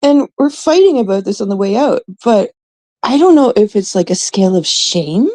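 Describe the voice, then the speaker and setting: A woman's voice: mid-range voice, sing-song, moderate pace, mellow, poor audio. A woman in her thirties, a host from Canada, telling a rambling, casual story full of swearing and quoted voices. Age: 30s.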